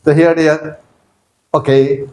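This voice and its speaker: Man, high voice, very slow, spelling letters out, drilling pronunciation. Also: little pitch movement, darkish tone, low-quality recording. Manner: slow, drawn-out spelling and repeating of sounds. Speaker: English teacher. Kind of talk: pronunciation lesson.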